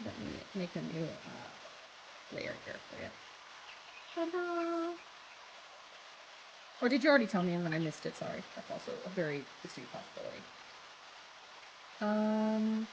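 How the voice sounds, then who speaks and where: A young Australian woman streaming live, chatting casually with viewers and reading aloud, giggly and animated. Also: on the high side, background noise.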